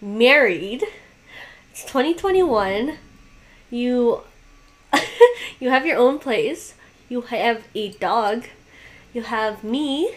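A woman's voice: fairly high pitch, expressive, extremely slow, pauses often. A woman in her twenties co-hosting a casual podcast, teasing and laughing easily. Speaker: podcast co-host. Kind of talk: casual chat.

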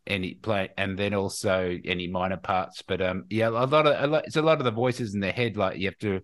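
Halting man, voice actor guest. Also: on the low side. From England and Australia. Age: older. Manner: halting, many restarts, laughs often. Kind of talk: casual podcast chat.

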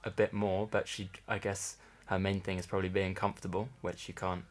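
Young man, from England, podcast host, low-pitched, chatty, wry. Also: little pitch movement, brisk. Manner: chatty, dry wry humour. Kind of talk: casual chat.

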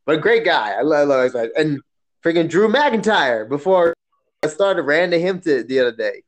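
A man's voice: a little high, normal speed. A man co-hosting a casual chat, telling stories with frequent laughter. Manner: laughing often, animated storytelling.

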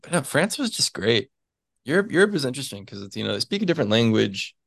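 A man's voice: medium pitch, very animated, quick pace, gravelly, fairly bright tone, no echo, clean studio sound. A man in his twenties, a physics PhD student, chatting casually as an interview guest, rambling with lots of fillers and little chuckles. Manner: rambling, chuckles between phrases, many fillers.

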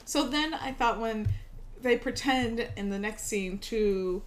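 A woman co-hosting a casual chat, talking in a lively way and laughing often. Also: a little high, slow. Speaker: podcast co-host.

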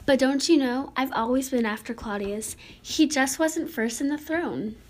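A woman's voice: high voice, normal speed. A woman playing a ditzy, vain queen mother in a comedic skit, sounding airy, dim-witted and cheerfully oblivious.

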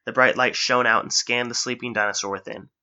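Bright-voiced man narrating an adventure story. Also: medium pitch, fairly even intonation, a little fast, dull audio. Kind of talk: audiobook-style story narration.

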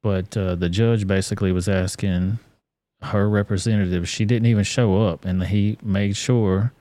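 A man's voice: lowish voice, fairly even intonation, normal speed, dark tone, no room sound. A man hosting a live stream, commenting casually and with plenty of profanity. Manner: casual and profane, loose with fillers.

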